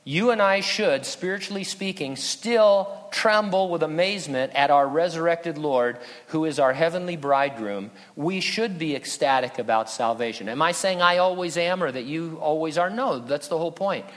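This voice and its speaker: A man's voice: fairly high pitch, expressive, moderate pace. Earnest male pastor preaching in a hall. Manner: earnest, conversational, with humor. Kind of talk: sermon. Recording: long reverb in a hall.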